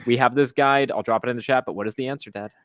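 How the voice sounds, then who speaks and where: Male host, casual live stream, upbeat quick promo talk, dry close mic, mid pitch. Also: fairly even intonation, no room sound.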